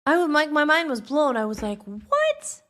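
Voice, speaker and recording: Rambling storyteller woman, fairly high voice. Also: a little fast. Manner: rambling, animated, acts out quoted dialogue with filler "like". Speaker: podcast host. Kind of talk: personal storytelling.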